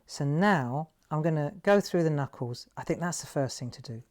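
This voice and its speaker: Woman craft host, lowish voice, rambling anecdotes full of "right?". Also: lively intonation, moderate pace, a little mellow. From England. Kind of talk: chatty storytelling while demonstrating a craft.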